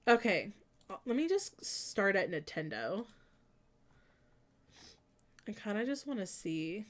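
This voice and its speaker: A woman's voice: mid-range voice, slow pace. Chatty giggly young woman streamer. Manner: chatty, giggly, bursts of excitement. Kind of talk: casual stream chat while building in a game.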